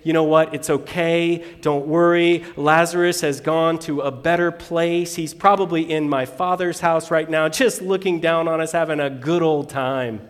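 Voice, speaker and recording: A man preaching a sermon in a slightly high voice. He reads scripture with dramatic swings between loud bursts and near whispers. A long reverb trails behind him. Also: steady tone, moderate pace, hardly any pauses. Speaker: pastor.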